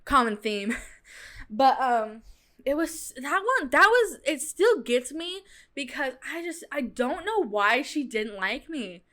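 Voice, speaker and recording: Young woman, podcast host, casual storytelling, chatty, slightly high voice. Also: slow pace. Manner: chatty, animated retelling with fillers like "like" and "dude".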